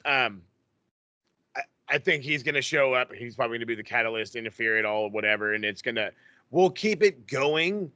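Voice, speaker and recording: Bright, profane wrestling podcast co-host man. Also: medium pitch, brisk, dry recording. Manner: profane, rambling, excitable. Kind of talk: casual chat.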